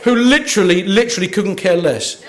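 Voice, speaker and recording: A man's voice: high voice, brisk, a loud crowd, very noisy. A man from Kent doing a cheeky, self-mocking stand-up routine at an awards dinner in a hotel function room. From Kent, England. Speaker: after-dinner comedian.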